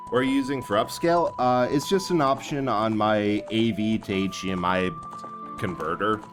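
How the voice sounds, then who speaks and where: A man's voice: fairly low pitch, big pitch swings, moderate pace. A young man live streaming a game, chatting and laughing with his chat while putting on a cobbled-together Scottish accent, recorded at home. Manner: chatty, laughs often, talks to chat by name. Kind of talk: casual gameplay stream chat. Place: hot room at home. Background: game music.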